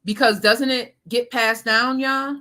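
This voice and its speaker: Bright-voiced woman chatting on a live stream. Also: fairly high pitch, fairly even intonation, measured pace. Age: 30s. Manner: talks straight to viewers with slang, laughs often. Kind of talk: casual live-stream chat reading viewer comments.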